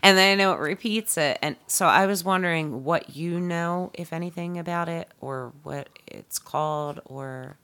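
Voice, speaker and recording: A middle-aged woman with a notably low voice, chatting casually as a podcast co-host. She is curious and playful, teasing her partner and firing off questions. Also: normal speed, hardly any pauses, a bit bright, clear, resonant tone. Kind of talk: casual chat.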